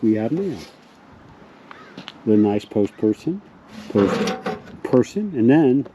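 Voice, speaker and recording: Man, host, mock-serious tutorial, deadpan, slow, outdoors in a yard, faint background noise. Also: medium pitch. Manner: mock-serious explainer, talking to kids. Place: outdoors in a front yard by a mailbox.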